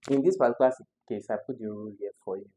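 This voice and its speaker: A man's voice: on the low side, very fast, dark tone, poor audio. A man, tutoring students through English exam questions step by step and repeating the key words.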